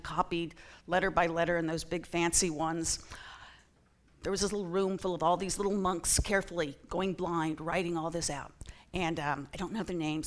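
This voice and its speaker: A woman's voice: lowish voice, a bit bright. Middle-aged woman talking to her church, casual and joking about herself, lots of ums. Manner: self-deprecating, chatty, lots of ums. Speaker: church member giving a talk. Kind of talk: casual sermon talk to a congregation. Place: church sanctuary.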